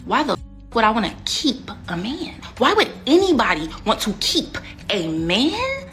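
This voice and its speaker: A woman's voice: fairly high pitch, wildly swooping pitch, moderate pace, fairly bright tone, faint music behind. A woman ranting in a sassy, indignant reaction video. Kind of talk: reaction rant.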